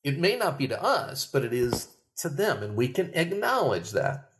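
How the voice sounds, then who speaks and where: A man's voice: fairly high pitch, very animated, moderate pace, a bit bright. A middle-aged man, a marriage and family therapist, talking on a podcast in a conversational way and acting out quoted phrases. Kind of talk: podcast talk.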